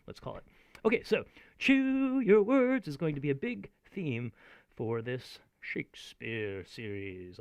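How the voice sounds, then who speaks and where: A man teaching in a chatty, animated way, often laughing as he explains. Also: medium pitch, no echo. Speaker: acting teacher. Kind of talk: video lesson.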